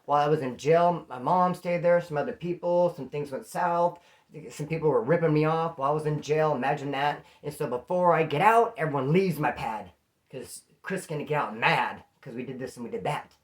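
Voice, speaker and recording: A man from California telling stories in a casual, animated way, acting out the voices of the people in them. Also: a little high. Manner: animated, acts out quoted voices. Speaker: storyteller host. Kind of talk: casual storytelling.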